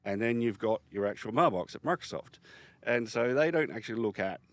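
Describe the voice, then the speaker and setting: A man's voice: mid-range voice, animated, brisk. A middle-aged man talking as a podcast guest, telling his story with emphasis and frequent restarts. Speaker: podcast guest, software founder. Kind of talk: casual interview talk.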